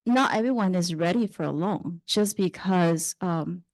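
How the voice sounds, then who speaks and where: A woman speaks on a small business panel and walks the audience through funding options. She checks in with "right?" and fills pauses with uh. Her voice sits fairly low, and the sound is dry and close. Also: a little mellow, no echo. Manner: explanatory, frequent uh and right? checks. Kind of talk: panel talk to a live audience. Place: university event room.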